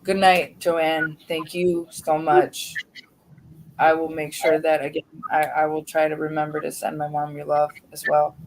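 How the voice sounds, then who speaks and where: Gravelly young woman, heartfelt and halting. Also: deep voice, monotone, a little mellow, a little hiss or hum, poor audio. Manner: halting, heartfelt, occasional swearing. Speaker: grieving daughter sharing a memorial tribute. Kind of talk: emotional personal talk on a livestream.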